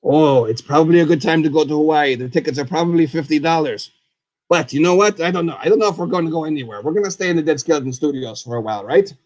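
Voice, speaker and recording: A man hosting a live puppet talk show as a goofy, chatty skeleton, rambling and excitable, and referring to himself in the third person. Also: fairly high pitch, fast, no echo. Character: goofy skeleton host, male, chatty and silly. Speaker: host.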